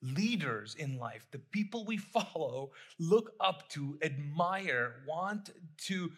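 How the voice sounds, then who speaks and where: A man's voice: a little high, animated, takes it slowly, fairly bright tone, husky. A middle-aged man preaching a sermon as pastor, talking conversationally, repeating phrases and putting questions to the congregation.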